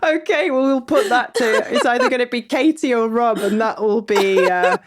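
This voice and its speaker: A woman hosting a podcast, bubbly and quick to laugh at herself in casual chat. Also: a little high, expressive. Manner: bubbly, giggly, self-mocking. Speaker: podcast host.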